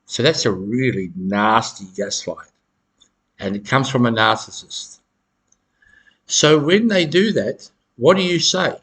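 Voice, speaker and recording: A middle-aged man giving advice straight to camera, halting and repeating words, with frequent chuckles. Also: medium pitch, expressive, fairly bright tone, slightly rough. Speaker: self-help educator.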